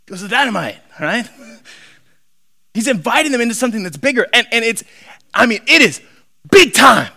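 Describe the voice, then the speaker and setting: Animated high-voiced male preacher. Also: normal speed, creaky, pauses often. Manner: animated, swings from shouting to quiet; acts out quoted voices. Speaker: pastor. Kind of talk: sermon.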